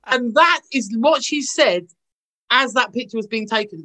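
A woman's voice: on the high side, expressive, normal speed, sharp tone. A woman, an actress, telling gushing anecdotes in a casual interview over a video call. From England. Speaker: actress guest.

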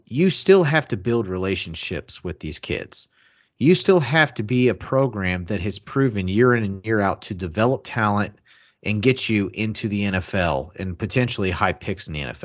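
A man in a casual sports debate, insistent and argumentative, with many fillers. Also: lowish voice.

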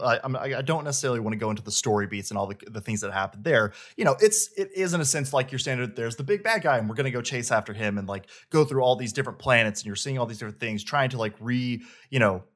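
A man's voice: mid-range voice, expressive, quick pace, hardly any pauses, fairly bright tone. A man hosting a casual chat, rambling enthusiastically about a video game. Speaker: host, game reviewer.

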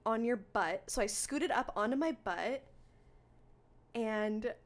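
A young woman co-hosting a podcast, chatting casually and telling a story with animated energy. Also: fairly high pitch, slow pace. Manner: animated storyteller, acts out her own screams. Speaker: podcast co-host. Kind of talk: casual chat.

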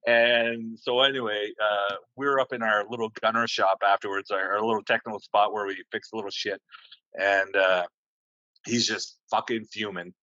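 Low-voiced profane sailor telling stories. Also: male voice, flat delivery, normal speed, bright, forceful tone, no room sound, dull audio. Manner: rambling, profane, many fillers and restarts. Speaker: podcast guest, navy sailor. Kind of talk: casual storytelling.

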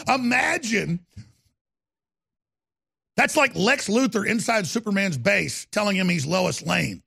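A man hosting a talk radio show, his gravelly voice sitting fairly high for a man. He rants with heat, drops low, then bursts out loud again. The studio sound is dry and close. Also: lively intonation, takes it slowly, pauses often, dry recording. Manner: emphatic ranting delivery, shifting between low growls and sudden loud outbursts. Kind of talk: fiery political talk radio monologue.

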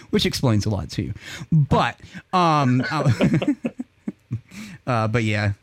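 A man's voice: mid-range voice, no room sound. Profane laughing man hosting a podcast. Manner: profane, laughs often, tells stories. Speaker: podcast host. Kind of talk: casual chat.

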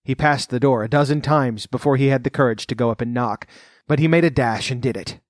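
A man narrating a storybook, reading in an expressive, lively way. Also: medium pitch, brisk, dry recording, clean studio sound.

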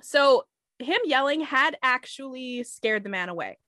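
A woman with a fairly high voice telling a true crime story on a podcast. She keeps it casual and animated and turns aside to her co-hosts now and then. The sound is dry and close. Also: dry recording. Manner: animated, conversational, quick asides to listeners.

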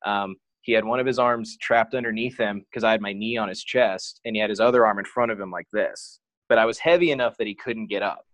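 Frank man telling a story, low voice. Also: fairly quick, fairly bright tone, no echo. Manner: frank and open, heavy use of "like". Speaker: podcast guest. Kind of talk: casual personal storytelling.

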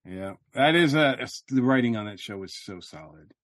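A man's voice: medium pitch, animated, moderate pace, no room sound, clean studio sound. A man hosting a podcast in casual chat, upbeat and jokey with plenty of fillers. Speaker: podcast host.

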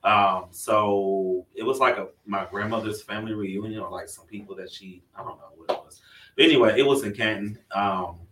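A man's voice: fairly low pitch, fairly even intonation, normal speed, sharp tone, a little hiss or hum. A man from Toledo, Ohio, telling a story in a laid-back way and laughing often. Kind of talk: casual chat. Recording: roomy sound from a distant mic.

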